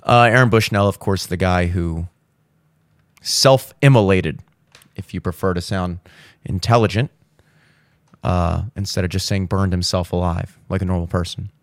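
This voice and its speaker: A hungover young man hosting a podcast, talking casually and profanely, breaking into loud exasperated rants. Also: low voice, steady tone, normal speed, pauses often, no echo, clean studio sound. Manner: profane, ranting, swings into loud exasperated outbursts. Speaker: podcast host. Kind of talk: casual monologue.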